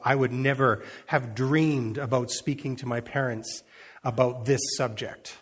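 A man's voice: mid-range voice, fairly even intonation, a little slow, slightly rough. A man giving an informal sermon, reading scripture and retelling it in a conversational way, acting out the quotes and chuckling as he goes. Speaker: preacher.

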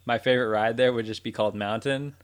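A man's voice: medium pitch, steady tone, quick pace, smooth. A man co-hosting a podcast, chatting casually with playful, absurd jokes and frequent laughter. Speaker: podcast co-host. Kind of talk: casual joking chat.

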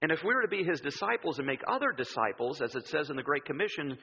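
A man preaching a sermon in a church, telling stories in an animated way and acting out the voices he quotes. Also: a little high, quick pace, slightly rough. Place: church sanctuary. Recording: dull sound with long hall reverb.

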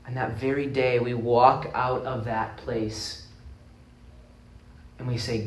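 A man preaching a sermon, retelling a parable in an earnest, emphatic way with dramatic pauses. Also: mid-range voice, little pitch movement. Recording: roomy echoing space.

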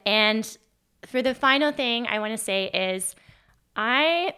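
A woman's voice: fairly high pitch, measured pace, bright, forceful tone, clear, resonant tone. A woman in her thirties hosting a solo podcast, talking in a chatty, earnest way full of "like" and self-corrections. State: briefly emotional, voice catching. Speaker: podcast host.

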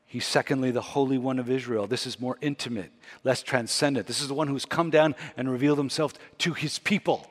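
A man's voice: mid-range voice, a little fast. Emphatic male preacher in a reverberant hall. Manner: emphatic, building to ringing peaks. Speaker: pastor. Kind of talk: sermon.

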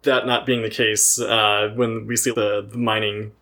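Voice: mid-range voice, flat delivery, measured pace, pushed and bright. A podcast co-host in casual chat who mostly adds brief, dry asides.

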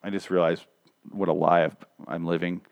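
A man's voice: low voice, flat delivery, normal speed, vocal fry, darkish tone, no room sound. Rambling, profane podcast man, strained voice. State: strained, recovering voice. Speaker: podcast host. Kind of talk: casual solo show recap.

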